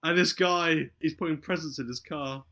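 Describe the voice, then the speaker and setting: A man's voice: on the high side, normal speed. A man casually retelling a film plot on a podcast, acting out the characters' lines as he goes. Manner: animated retelling, acts out movie lines.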